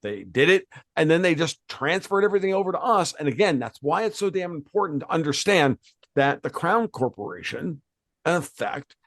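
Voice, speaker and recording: An American man hosts a podcast in a fairly bright, higher-pitched voice, moving at a moderate pace with lively intonation. He delivers a heated, profane rant full of repeated words and restarts, recorded with clean studio sound and no echo.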